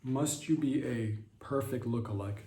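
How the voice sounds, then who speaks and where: A man hosting a comedy podcast, rambling through crude, deadpan absurd stories in a casual monologue. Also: mid-range voice, a little slow. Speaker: podcast host. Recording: roomy sound, distant from the mic, faint background hiss.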